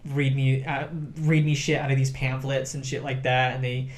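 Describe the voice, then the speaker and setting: A man's voice: medium pitch, moderate pace. A young man hosting a casual podcast, in a mid-range voice. He tells stories with animation, voicing the people in them and laughing as he goes. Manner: animated storyteller, acts out quotes, laughs often. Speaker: podcast host. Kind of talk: casual storytelling chat.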